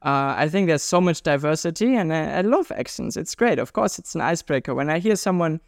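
A man's voice: brisk, vocal fry, no room sound, studio quality. A man in his twenties from Germany with a German accent, talking casually and upbeat as an interview guest. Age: 20s. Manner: upbeat and chatty, pitch jumps up when animated. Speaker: guest, world traveler and juggler.

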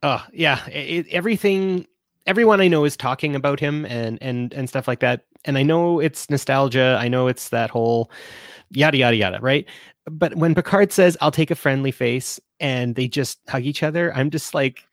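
A man's voice: mid-range voice, moderate pace, dry recording, clean studio sound. A man hosting a casual live-stream chat show, rambling with lots of fillers and restarts.

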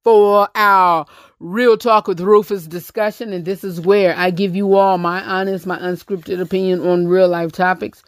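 A man's voice: sits high, flat delivery, a little slow, clean tone, no echo. A man with a Southern US accent hosting a casual talk segment, speaking bluntly and rambling with many restarts. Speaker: host.

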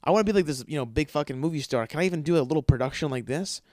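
A man's voice: fairly high pitch, animated, racing, a little mellow, no echo, studio quality. Profane man telling a rambling story. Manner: profane, rambling, filler-heavy; acts out quoted dialogue. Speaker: podcast host. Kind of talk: casual storytelling monologue.

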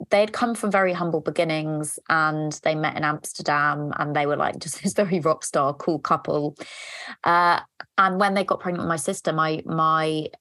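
A woman's voice: deep voice, a bit bright, no echo. An English woman in her thirties hosting a podcast, talking frankly and confessionally with casual swearing and plenty of fillers. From England. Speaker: podcast host. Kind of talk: candid personal podcast monologue.

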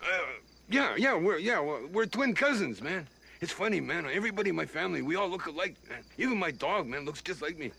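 A man's voice: high voice, sing-song, brisk, vocal fry, bright, forceful tone, slightly rough, heavily acted. An actor playing a laid-back stoner man with a put-on accent who drawls and ends his lines with "man", in a movie clip. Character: laid-back stoner Cuban man claiming twin cousins. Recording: movie clip with faint music.

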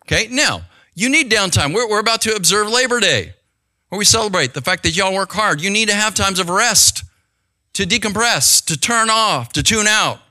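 Bright, lively older preacher. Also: male voice, high voice, moderate pace. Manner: conversational, checks in with the congregation with "okay?" and "right?". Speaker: pastor. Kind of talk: sermon.

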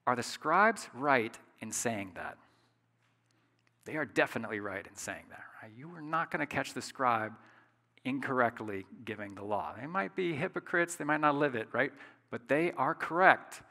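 Man, pastor, conversational sermon, emphatic, bright tone, long hall reverb. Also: medium pitch, animated, normal speed. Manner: conversational, emphatic, asks the audience rhetorical questions.

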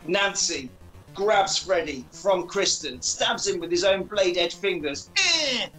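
A podcast host with a high, bright voice recaps a film in a casual, comic way, speaking animatedly and swearing freely. He's unhurried and keeps acting out lines in silly character voices. Faint music plays underneath, and the recording is rough.

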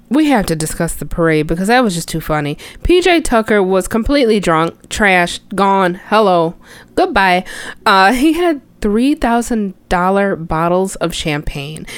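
An excitable young woman hosts a casual sports podcast, her pitch leaping up and down as she reacts. The sound is close and dry, with no room around her voice. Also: no echo. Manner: animated, chatty, exclaims often. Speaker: podcast host. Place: city outside Chicago.

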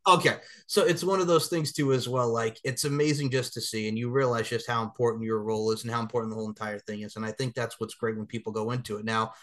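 Fast, enthusiastic New man host, emphatic and rambling. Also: mid-range voice, fairly even intonation. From Long Island, New York. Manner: enthusiastic, emphatic, digresses and laughs. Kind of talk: casual interview chat.

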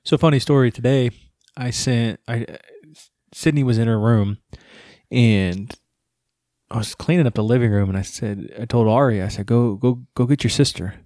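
A man's voice: medium pitch, moderate pace, dark tone, no room sound, studio quality. A man in his thirties chatting casually as a co-host, telling stories with laughter and casual swearing. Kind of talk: casual chat.

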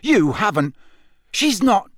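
A man's voice: high-pitched, very animated, takes it slowly, no room sound, voice pushed up, heavily acted. Man doing a teenage schoolboy wizard, blunt, incredulous, storybook reading, dry sound. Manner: incredulous, plain-spoken. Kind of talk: audiobook character voice.

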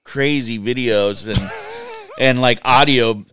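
A man's voice: medium pitch, slow, a bit bright, slight background noise. A man bantering and laughing on a casual podcast.

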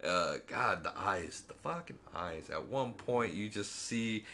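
A man co-hosting a podcast, casually recapping a movie in a rambling, profane way and acting out the characters with quick voices. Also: on the low side, animated, bright, forceful tone, slight background noise. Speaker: podcast co-host.

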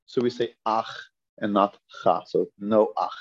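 A man's voice: fairly low pitch, fairly even intonation, normal speed, vocal fry. Patient man teaching Hebrew reading. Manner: patient, repeats and drills pronunciations. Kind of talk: classroom reading lesson. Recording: dull lo-fi classroom recording.

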